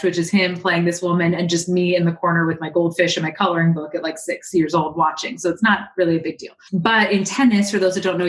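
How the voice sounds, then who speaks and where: A woman from California, a guest coach on an interview podcast, telling a personal story in a lively, animated way. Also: fairly low pitch, reverberant. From Berkeley, California.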